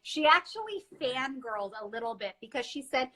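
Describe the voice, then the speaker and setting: A woman's voice: high voice, sing-song, fairly quick, a crowd in the background, poor audio. A woman hosting a casual live chat from indoors on a phone, bubbly and chatty, laughing often. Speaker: livestream host. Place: indoors at her quarantine lodging.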